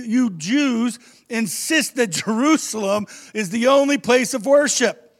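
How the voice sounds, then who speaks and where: A man voicing an excited woman at a well, full of breathless exclamations and eager questions. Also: very high-pitched, pitched above the performer's own voice, full character voice.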